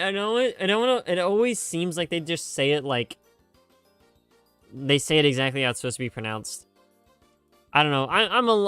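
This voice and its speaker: A man's voice: fairly high pitch, fairly bright tone, clear, resonant tone, no echo. A young man chatting casually on a live stream, rambling and joking at himself with lots of fillers and restarts. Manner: rambling, jokey, self-mocking, many fillers and restarts. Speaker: streamer reacting to game music.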